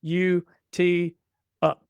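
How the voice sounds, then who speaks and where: A man's voice: high voice, flat delivery, drawn-out words, clear, resonant tone, dry recording, lo-fi sound. A man in his forties, a podcast guest, telling family stories casually and acting out what was said back and forth. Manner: chatty, restarts and quotes himself. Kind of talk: casual storytelling.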